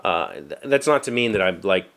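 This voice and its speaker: West Virginian man, lowish voice, rambling workshop vlogger, self-deprecating. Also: big pitch swings, normal speed, fairly bright tone. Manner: rambling, self-deprecating, with frequent fillers and restarts. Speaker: vlogger, show host. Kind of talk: casual solo chat. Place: home workshop.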